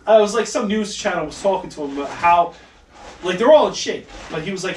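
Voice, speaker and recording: This podcast co-host chats casually, telling animated stories, acting out quotes, and swearing freely. His high voice moves fast and lively. The room echoes, the mic sits at a distance, and there's a faint hiss.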